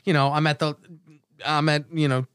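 A man's voice: fairly high pitch, little pitch movement, normal speed, fairly bright tone, smooth, no echo, studio quality. A man who does stand-up and radio, telling a rambling story in casual podcast chat, swearing as he goes. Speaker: podcast host and stand-up comic.

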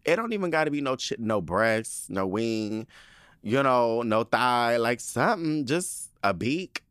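Male speaker, casual profane rant, lively swooping pitch, dry close sound. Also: measured pace, clean tone, no echo. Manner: profane, animated, indignant ranting; frequent laughter. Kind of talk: casual storytelling monologue.

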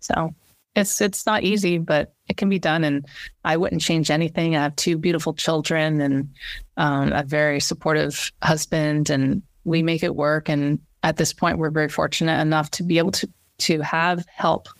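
A woman's voice: low-pitched, steady tone, moderate pace, no echo, clean studio sound. A woman talking candidly and animatedly as an interview guest, with many fillers and restarts. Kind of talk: casual interview chat.

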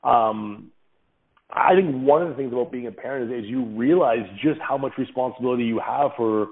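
A man's voice: medium pitch, a little fast. A man being interviewed as a guest on a parenting podcast, speaking in an earnest, reflective way and explaining his views with everyday examples. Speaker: podcast guest, father of several kids. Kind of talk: casual interview answers. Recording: tinny phone-like line.

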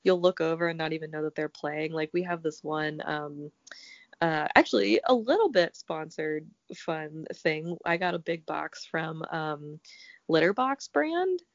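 A woman with a cold chats casually as a podcast host, laughing and talking to her cat between stories. Her voice sits low and gravelly. The audio is dull and lo-fi. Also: lively intonation, a little slow, dry recording. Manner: chatty, laughs often, talks to her cat. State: sick with a cold. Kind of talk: casual chat.

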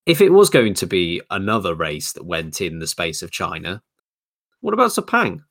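A man's voice: sits low, wildly swooping pitch, moderate pace, vocal fry, fairly bright tone. A man co-hosting a podcast, thinking aloud in casual chat with frequent ums and restarts. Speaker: podcast co-host.

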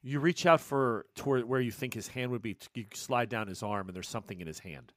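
A man running a tabletop horror game as game master, describing scenes slowly and softly. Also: mid-range voice, no echo, studio quality. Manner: slow, hushed scene description.

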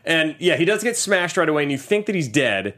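A young man hosts a casual podcast, joking and laughing as he acts out lines from a movie. His voice sits a bit high and swings up and down a lot as he talks. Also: very animated, fast talker, a bit bright. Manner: joking, laughing, acting out quotes. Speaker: podcast host.

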